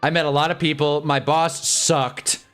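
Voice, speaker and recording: A man's voice: fairly high pitch, fairly even intonation, measured pace, fairly bright tone, smooth, soft background music. A man in his twenties ranting casually on a livestream, rambling and joking with frequent laughs. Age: 20s. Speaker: livestream host.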